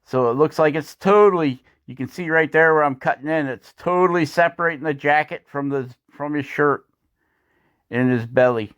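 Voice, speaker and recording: A man's voice: fairly high pitch, moderate pace, fairly bright tone, clean tone, lo-fi sound. A man narrating a woodcarving video in a folksy, rambling way, chuckling at his own asides. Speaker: woodcarving channel host. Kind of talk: voice-over narration of a carving video.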